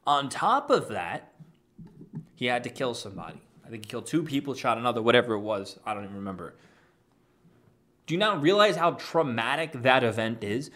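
A man's voice: mid-range voice, sing-song, brisk, pushed and bright. Argumentative man reacting to a clip. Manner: argumentative and dismissive. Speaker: online commentator. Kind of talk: reacting to a clip and reading posts aloud.

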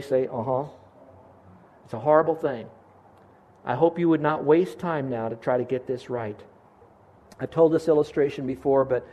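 A man preaching a sermon as pastor of his church, earnest and conversational, lifting his voice to stress a point. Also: a little mellow. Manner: earnest, rises in pitch for emphasis.

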